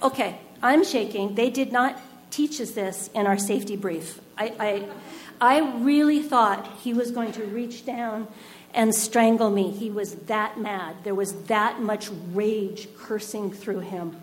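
A woman telling a personal story on stage, animated and acting out the scene as she goes. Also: mid-range voice, measured pace, rough recording.

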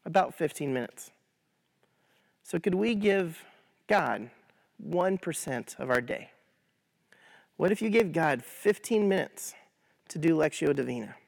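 A man guiding viewers through a scripture meditation, talking to them directly and encouragingly, then slowing into a soft, prayerful reading. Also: on the high side, lively intonation, creaky. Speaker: pastor leading a guided prayer.

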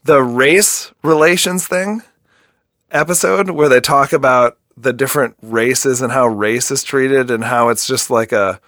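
An easygoing man co-hosting a podcast in casual chat, pitched right in the middle for a man. His voice is recorded close and dry, with no room sound. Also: measured pace, a bit bright, no room sound. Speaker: podcast co-host.

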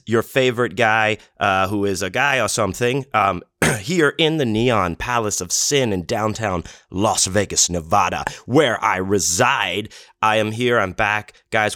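A man with a very low voice hosts his own storytelling podcast. He rambles along in a relaxed, self-deprecating way, and the recording is close and dry with no room echo. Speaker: podcast host. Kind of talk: casual storytelling monologue. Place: home in Las Vegas.

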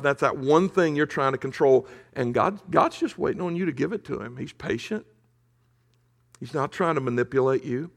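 A male pastor preaching in a conversational storytelling way, often dropping to a hush for emphasis. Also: medium pitch, vocal fry. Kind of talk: sermon storytelling.

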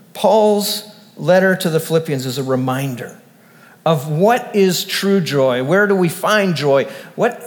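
A man preaches an emphatic sermon as pastor, in a fairly high voice. He repeats himself and often restarts phrases as he builds his points. A long reverb from the church hall trails behind his voice.

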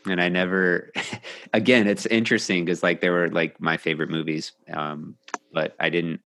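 A middle-aged man, a coach hosting a casual podcast conversation, talking in a reflective, measured way with many pauses. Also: low voice, flat delivery, a bit bright, a little hiss or hum. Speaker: coach and host.

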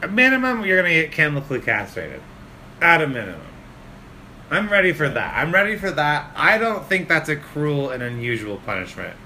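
Man, podcast co-host, crude and animated storyteller, bright edge to the voice. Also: a little high, fairly quick, a little hiss or hum. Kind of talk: casual podcast chat.

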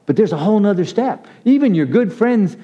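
A high-pitched, animated man preaches at a brisk pace, keeping the sermon casual and chatty. He laughs and singles out listeners by name, though the lo-fi recording sounds muffled.

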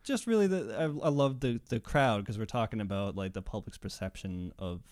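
A man hosting a podcast, chatting casually about a film and acting out its scenes with lively voices. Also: lowish voice, a little fast. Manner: animated, acts out scenes in voices. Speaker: podcast host. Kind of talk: casual movie chat.

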